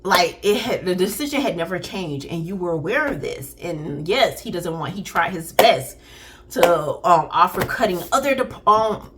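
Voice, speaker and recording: A woman recapping a TV episode in animated, dramatic casual chat, talking straight to her viewers. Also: on the low side, normal speed, a little hiss or hum. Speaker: faith TV recap vlogger. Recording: music playing behind.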